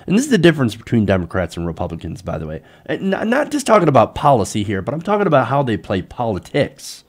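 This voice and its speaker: A man hosting a live political commentary show, ranting in an exasperated, animated way and mocking others in quoted voices. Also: mid-range voice, quick pace, slightly rough. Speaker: host.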